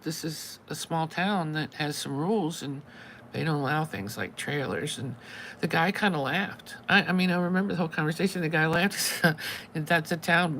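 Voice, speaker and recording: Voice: mid-range voice, vocal fry, a bit bright, slight background noise, poor audio. A channel host telling a long story in casual live-stream chat, acting out both sides of each conversation with wry exasperation.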